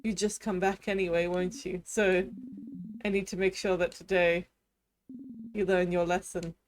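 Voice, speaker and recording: A woman voicing a cruel male tyrant king in a video game, speaking slowly and tauntingly. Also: lowish voice, little pitch movement, close to an everyday voice. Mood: gloating. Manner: slow, taunting, threatening. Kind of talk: reading a video game aloud with voices.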